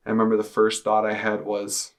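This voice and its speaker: A young man telling his personal testimony in earnest, halting speech with many fillers. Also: lowish voice, monotone. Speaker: testimony speaker.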